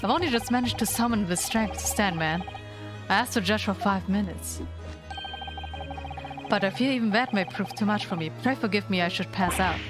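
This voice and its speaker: A woman's voice: medium pitch, moderate pace, natural voice. A woman voicing a theatrical, long-winded male detective who is weak on his feet, with game music behind. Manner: grandiose, long-winded phrasing.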